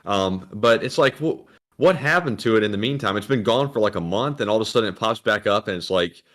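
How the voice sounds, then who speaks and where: A man co-hosting a livestream, reading out viewer messages in a steady announcing way and chatting casually. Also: on the low side, fairly quick.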